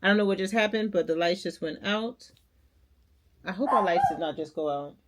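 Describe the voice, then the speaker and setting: A woman in her forties chatting excitedly to camera at home, calling her viewers y'all. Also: lowish voice, normal speed, heavy background noise. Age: 40s. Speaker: lifestyle vlogger. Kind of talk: casual chat to camera. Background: dog barking.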